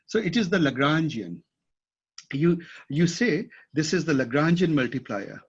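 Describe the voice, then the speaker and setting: A man's voice: fairly high pitch, lively intonation, a little slow, breathy edge. A man teaching a class at a whiteboard, thinking aloud and often checking that his students follow. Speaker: instructor. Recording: dull lo-fi classroom recording.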